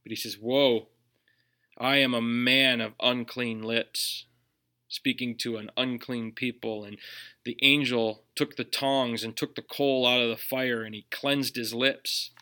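A man's voice: mid-range voice, fairly even intonation, measured pace, pushed and bright, clear, resonant tone. A man with a Minnesotan accent, preaching a sermon earnestly, with emphatic rhetorical questions. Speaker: pastor.

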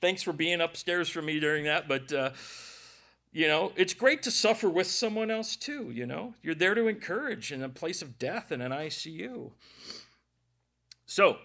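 Joking, storytelling male preacher, fairly high. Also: animated, moderate pace, sharp tone. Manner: jokey storytelling, addresses the congregation directly. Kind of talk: conversational sermon.

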